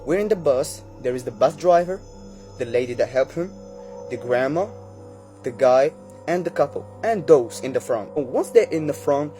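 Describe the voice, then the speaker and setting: A man casually telling a horror story, chatting directly to his listeners with quick recaps and asides. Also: mid-range voice, animated, mellow, faint music behind.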